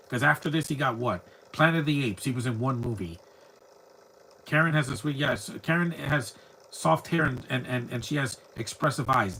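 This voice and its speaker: A man's voice: medium pitch, pushed and bright, a little hiss or hum, low-quality recording. A man giving live, rambling commentary over a movie, talking back at the screen bluntly and often stumbling over repeated words. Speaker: film commentator.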